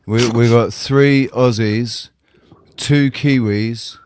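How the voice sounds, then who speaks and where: A man's voice: mid-range voice, fairly even intonation, very slow, darkish tone, a little hiss or hum. A middle-aged English man hosting a casual panel chat, blunt and profane, laughing often. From England. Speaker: show host.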